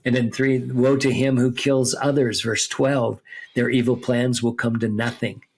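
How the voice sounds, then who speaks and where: A man teaching scripture in a relaxed podcast conversation, reading verses aloud and pausing to ask "okay?" and "right?". His voice sits in a middle register with a husky edge. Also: medium pitch. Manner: explains step by step, reads scripture aloud, checks with "okay?" and "right?".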